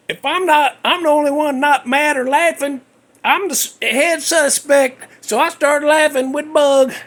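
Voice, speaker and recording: A man's voice: very high voice, fairly bright tone. A middle-aged man hosting a podcast, telling a rambling, self-mocking story in a folksy way with loose grammar. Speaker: podcast host. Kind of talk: casual storytelling monologue.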